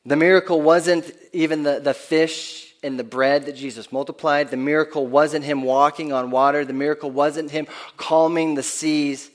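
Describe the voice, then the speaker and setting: A man's voice: a little high, steady tone, moderate pace, few pauses. A man preaching a sermon in an earnest, conversational way, often restarting his phrases, who speaks of his own kids. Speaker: pastor.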